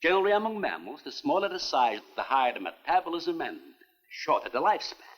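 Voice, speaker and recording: An earnest older scientist from a 1950s film, formal and eager to explain. His husky voice rises and falls with lively expression as he lays out his work. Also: a little high, fast talker, big-room sound. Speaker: scientist running an island lab.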